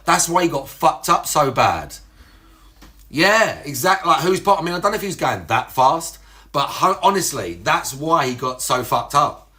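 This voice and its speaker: A man's voice: a little high, very animated, moderate pace, bright, forceful tone. A young man chatting casually on a livestream, rambling and crude, with lots of restarts and self-mocking asides.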